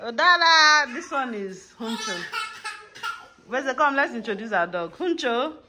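A woman's voice: sits high, lively intonation, measured pace, noisy background. A woman vlogging casually at home, coaxing and calling her dogs and laughing often. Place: home indoors.

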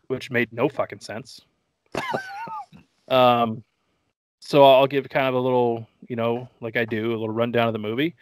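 Man, podcast host, casual movie talk, jokey, profane, rambling, mid pitch, dry close sound. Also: no echo. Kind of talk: casual movie-review chat.

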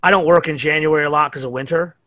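A man's voice: fairly high pitch, fairly even intonation, quick pace, sharp tone, no echo. A middle-aged man with a New York accent, telling rambling, profane stories as a podcast guest. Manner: profane, rambling anecdotes with acted-out quotes. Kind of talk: casual storytelling chat.

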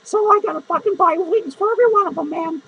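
A man's voice: very high voice, fast, creaky, bright, forceful tone, highs cut off, heavily acted. A man playing a foul-mouthed, drunk, lonely female clown who rambles, curses constantly and grumbles through a comic podcast monologue. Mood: cranky. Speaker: podcast host character. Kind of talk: improvised comedy monologue.

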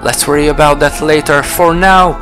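A man reading the lines of an excitable male fairy companion in a chatty, dramatic way. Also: a little high, moderate pace, music in the background, close to an everyday voice. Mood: worried.

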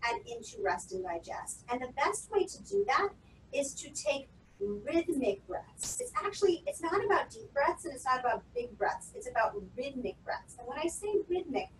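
A woman coaching public speaking in a webinar, calmly instructing and counting out breathing exercises. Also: high voice, moderate pace. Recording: roomy echo, distant from the mic, faint noise.

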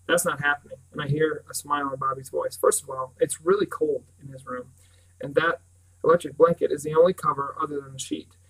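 A man's voice: fairly high pitch, steady tone, a little fast, fairly bright tone, distant mic, rough recording. A man doing a scheming, practical teenage boy. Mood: explaining.

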